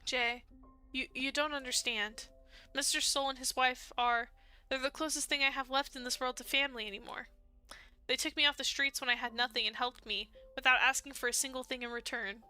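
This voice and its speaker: A woman's voice: high voice, steady tone, a little fast, pushed and bright, smooth, faint music behind. A woman voicing an anxious young man, the love interest in a dating game, earnest and stammering. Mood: distressed.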